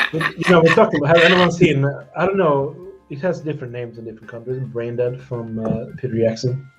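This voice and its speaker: A man's voice: medium pitch, fairly even intonation, brisk, hardly any pauses, music in the background. A man from Sweden chatting casually as co-host, rambling and trailing off mid-sentence. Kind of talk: casual chat. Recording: dull lo-fi audio.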